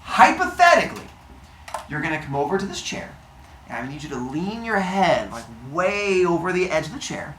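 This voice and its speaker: An awkward, slightly sheepish inventor god, played by a woman, who lays out his odd methods in a hesitant, matter-of-fact way. The voice rises and bounces with lively swings. There is a roomy echo and faint ambience around it. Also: on the low side, moderate pace, far from the mic, slight background noise, voice pushed up.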